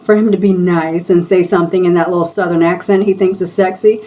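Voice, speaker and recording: A woman voicing a sharp-tongued, nosy woman hairdresser who teases and pries. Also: on the low side, fairly even intonation, brisk, recorded from a distance, lightly acted. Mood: needling. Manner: prying, mocking.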